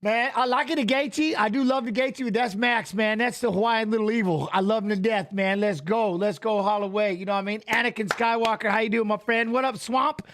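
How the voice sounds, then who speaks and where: High-voiced excitable man hosting a live stream. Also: fairly quick, hardly any pauses. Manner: excitable, repeats himself, greets viewers by name. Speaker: livestream host reading chat. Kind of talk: casual live-stream chat.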